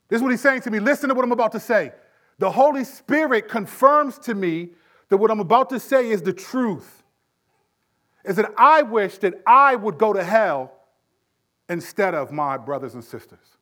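A man with a notably high-pitched voice teaches scripture in a relaxed, conversational sermon. He leans into emphatic phrases, then sinks his voice low and quiet when a point turns serious. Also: normal speed. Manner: conversational, emphatic, drops to hushed tones for weight. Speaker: preacher.

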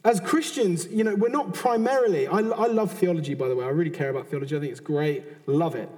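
An earnest man with a British accent gives a conversational sermon, doubling back on his words and adding asides. His voice sits fairly high and sounds mellow and soft-edged. Long reverb from a large hall trails behind him. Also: quick pace. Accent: British English. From Britain. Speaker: preacher.

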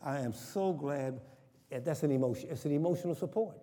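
A man's voice: on the high side, brisk, warm tone. A man preaching a sermon in a church, often asking the congregation questions and having them repeat sayings. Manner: call-and-response, asks congregation questions. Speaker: pastor. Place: church sanctuary. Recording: long reverb of a church hall.

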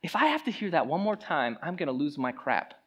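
Lively, joking preacher. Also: mid-range voice, fairly quick, husky. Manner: conversational and animated, with joking asides. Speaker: pastor. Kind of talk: sermon.

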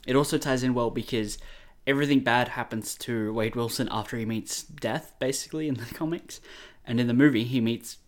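An Australian man talks casually and easily, laying out comic-book lore in a conversational way. His voice sits at an ordinary middle pitch. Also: fairly quick. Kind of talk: casual movie chat.

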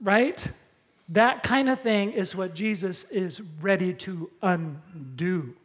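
A pastor preaching a sermon in a conversational way, using props and slowing down for emphasis. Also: medium pitch.

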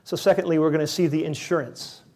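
Preaching a sermon, a man alternates between animated quotations, performed with climbing pitch and loudness, and gentle, slow, hushed passages. He pokes fun at himself and chuckles when he stumbles.

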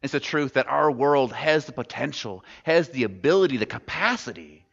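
A male pastor delivers a sermon in a conversational way, putting questions to his listeners. His voice is bright and forceful, and it rings out with a long reverb from a large hall. The recording sounds slightly muffled. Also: mid-range voice, lively intonation, moderate pace, vocal fry, husky. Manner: conversational, asks the congregation questions. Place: church sanctuary.

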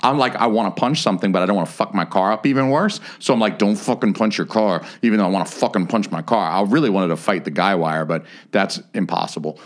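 A man with a fairly low voice co-hosts a casual podcast. He tells stories in a loose, profane way and gets animated as he goes. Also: quick pace, hardly any pauses. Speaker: podcast co-host. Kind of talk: casual chat.

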